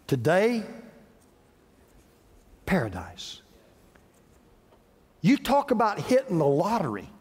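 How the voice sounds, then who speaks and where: A man preaching a sermon as pastor, with dramatic pauses and repetition. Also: sits high, slightly rough, long reverb tail.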